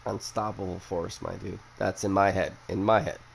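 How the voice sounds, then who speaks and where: A man's voice: sits low, steady tone, moderate pace, creaky, a little hiss or hum. A young man hosting a casual chat, who rambles bluntly and swears a lot after a few drinks. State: has been drinking. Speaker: podcast host.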